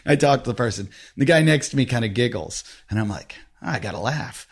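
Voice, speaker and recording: A man hosting a podcast, telling a story in a casual, animated way and laughing often. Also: medium pitch, a little fast. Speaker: podcast host.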